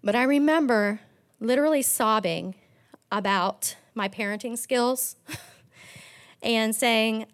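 A woman's voice: a little high, slow, pauses often. A woman pastor giving an earnest sermon, telling personal stories with frequent restarts.

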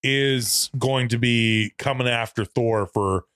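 A man's voice: mid-range voice, slow pace, a bit bright, clear, resonant tone, dry recording, studio quality. A man co-hosting a podcast, chatting casually about a movie, laughing often and acting out anecdotes. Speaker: podcast co-host. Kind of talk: casual movie review chat.

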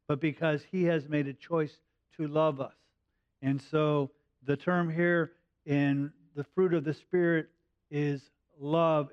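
A man, likely middle-aged, preaching a sermon in a halting way, with frequent pauses and fillers. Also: on the high side, clean tone, dry recording, dull audio. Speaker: pastor.

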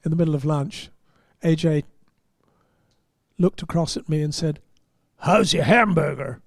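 A man, a podcast host and motoring journalist, telling an anecdote in an animated way and chuckling at his own punchlines. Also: a little high, normal speed, no echo, studio quality. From England. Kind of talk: anecdotal storytelling.

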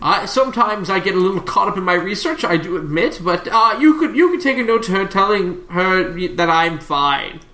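A distracted, fussy wizard professor who loses the thread while he explains, as voiced by the game master. The voice swings widely in pitch. The recording has a roomy echo. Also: animated, fairly quick, hardly any pauses, pushed and bright. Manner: rambling, distracted scholar. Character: fussy absent-minded male wizard professor.

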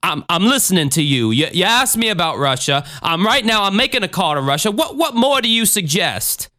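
A stammering cult leader pleads in slow, drawn-out phrases, as a man reads him aloud. The voice sits higher than the reader's own and sounds bright and clear. The room is dry. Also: big pitch swings, dry recording, exaggerated voice. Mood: defensive. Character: cult leader, middle-aged man, pleading yet commanding.

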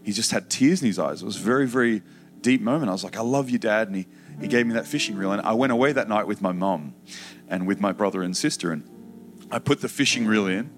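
Preacher, male, low voice, emotional testimony storytelling, soft music under it. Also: expressive, fast. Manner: emotional storytelling, acts out shouted childhood quotes. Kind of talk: personal testimony sermon.

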